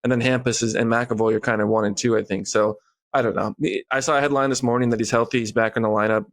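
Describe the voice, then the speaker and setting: Podcast co-host, man, mid pitch, rapid-fire relaxed game breakdown. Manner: rapid, relaxed analysis with frequent fillers. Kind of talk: casual sports chat.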